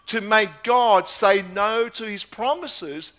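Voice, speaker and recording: Guy preaching a sermon, fairly high voice, keeps repeating his big points, reads out bible verses. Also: takes it slowly, few pauses, sharp tone. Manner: emphatic, repeats key phrases, reads scripture aloud.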